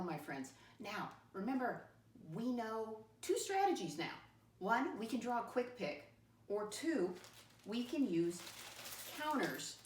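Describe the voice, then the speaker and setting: A woman teaching a first-grade lesson from home, talking slowly and encouragingly in a sing-song way to young children she calls her friends. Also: medium pitch, very animated, reverberant, recorded from a distance.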